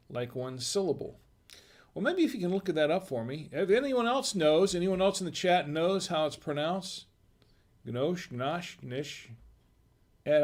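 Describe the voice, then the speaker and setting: A man hosting a live-stream wine tasting, chatting casually in a rambling, halting way with self-deprecating humor. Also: on the high side.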